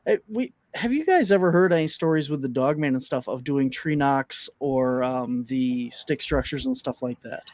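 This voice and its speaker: A man's voice: mid-range voice, normal speed, hardly any pauses, no echo. A man in the middle of his range hosts a live online talk show. He keeps things easygoing and jokey and leans on plenty of fillers. The sound is dry and close, with no room around it. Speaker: podcast host.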